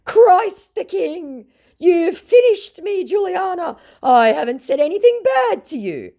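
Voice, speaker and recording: Woman doing a whiny young scam guy, high and squeaky, slow pleading drawl. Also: very animated, dark tone, exaggerated voice. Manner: pleading, indignant, drawn-out. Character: whiny defensive young male online scammer.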